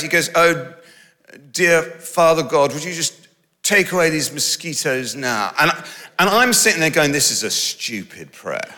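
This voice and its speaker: Male preacher, self-mocking and animated, bright voice, echoing hall. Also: a little high. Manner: animated, self-mocking, laughs through stories. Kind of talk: humorous sermon storytelling. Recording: large hall with long reverb.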